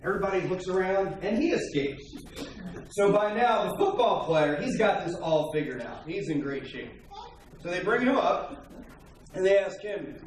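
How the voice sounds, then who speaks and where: A man preaching a sermon to his church, opening with jokes and an animated story. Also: high voice, moderate pace, distant mic, a little hiss or hum. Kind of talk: sermon with light humor. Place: church hall. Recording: very echoey hall, picked up from afar.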